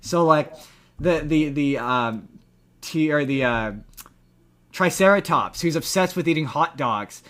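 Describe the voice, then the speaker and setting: A man co-hosting a podcast in casual chat, retelling a film scene by scene and acting out its lines. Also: on the high side. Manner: animated, acts out movie lines in quick retellings. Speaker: podcast co-host.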